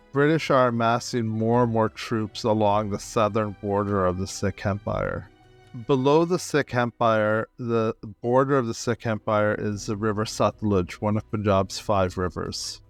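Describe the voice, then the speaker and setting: A man, a guest historian on a podcast, recounting events in vivid, detailed storytelling with the odd filler. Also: on the low side.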